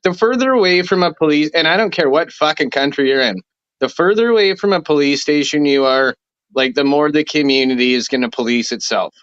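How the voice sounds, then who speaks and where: A man's voice: on the high side, brisk, a bit bright, clean tone, no room sound. A man in casual podcast chat, swearing offhandedly as he makes his point. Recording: dull, muffled mic.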